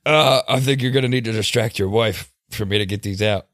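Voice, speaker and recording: A man's voice: lowish voice, a bit bright, no echo, clean studio sound. Joking man at a tabletop game. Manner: laughing, joking, halting restarts. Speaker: player. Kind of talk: casual tabletop game chat.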